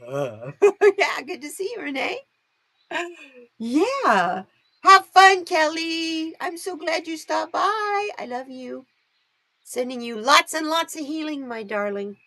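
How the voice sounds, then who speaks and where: Woman, live-stream tarot host, chatty and easy to laugh, with a very lively pitch. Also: takes it slowly. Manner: chatty, laughs often, greets viewers by name. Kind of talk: casual live-stream chat with viewers.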